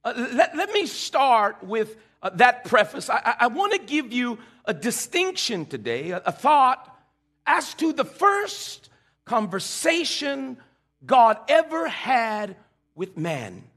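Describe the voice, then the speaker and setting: A male pastor preaching with a high, bright voice that swings widely in pitch. He leads call-and-response, repeats lines, and stumbles over restarts as he builds. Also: sing-song, slow. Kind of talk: sermon.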